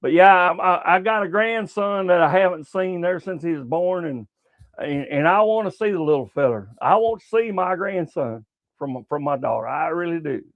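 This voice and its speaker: Older guy, high voice, dry close sound, cussing sports talk host. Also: animated, normal speed, dry recording. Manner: profane, repetitive, stumbling restarts. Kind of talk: casual rambling sports talk.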